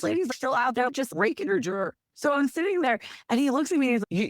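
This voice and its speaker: A woman from New Jersey telling a story as an interview guest, lively, acting out the quotes with big jumps in her voice. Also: a little high, quick pace, few pauses, dry recording, clean studio sound. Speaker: guest, animal rescue worker.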